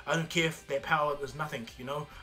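A man's voice: fairly high pitch, fairly even intonation, fast, bright, forceful tone, faint music behind. A man voicing a cocky male god of destruction in a casual fan story retelling, speaking in a laid-back, boastful way. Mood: amused.

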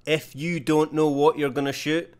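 A man's voice: on the high side, level tone, moderate pace, a little mellow, smooth. Blunt man giving sim tips. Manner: blunt, direct. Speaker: flight sim YouTuber. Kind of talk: instructional rules narration.

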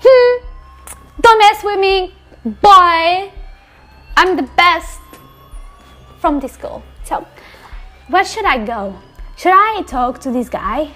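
Young woman streamer, very high voice, bright tone, excitable play-by-play. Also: takes it slowly, pauses often, faint music behind. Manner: excitable, exclaims and laughs while playing. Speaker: gaming streamer. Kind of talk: let's play commentary.

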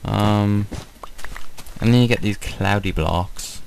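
Low gravelly man, hesitant gameplay talk. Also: slow, a little mellow, slight background noise, poor audio. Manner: hesitant, many ums, rambling. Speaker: gamer showing a game mod. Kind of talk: casual gameplay commentary.

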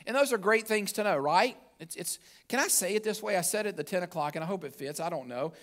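A man's voice: high voice, lively intonation, fast. A male pastor preaching a sermon in a church, talking casually to the congregation and often restarting his phrases. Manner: conversational preaching with repeated restarts. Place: church sanctuary.

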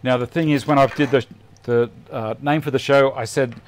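A man's voice: medium pitch, steady tone, moderate pace, background noise. Chatty Australian man in his workshop. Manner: chatty, self-deprecating, thinks aloud while working. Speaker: woodworking show host. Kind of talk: live workshop demonstration chat. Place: home woodworking workshop.

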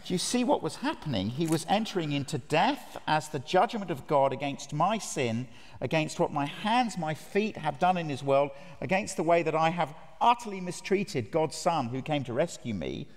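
A man's voice: fairly high pitch, animated, moderate pace. A man preaching a sermon at a conference, earnest and emphatic, putting direct questions to his listeners. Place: large conference hall. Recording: reverberant hall.

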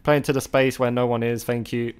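A man's voice: mid-range voice, level tone, brisk, clear, resonant tone. Male gamer, live commentary, exasperated outbursts, swears freely. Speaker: gaming video creator. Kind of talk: live gameplay commentary to chat.

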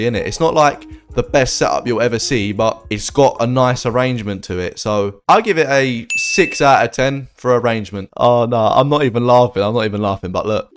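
Young guy, casual slangy reviewer, jokey and animated, light music under him. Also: medium pitch. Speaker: YouTuber rating viewers' setups. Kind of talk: casual reaction commentary.

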